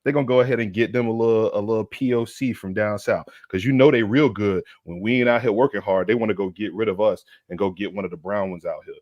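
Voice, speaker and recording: Man, low voice, dry close sound, slangy comedic sports rant host. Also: quick pace, few pauses, no echo, lo-fi sound. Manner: animated, slangy, preachy mock lecture. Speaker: podcast co-host.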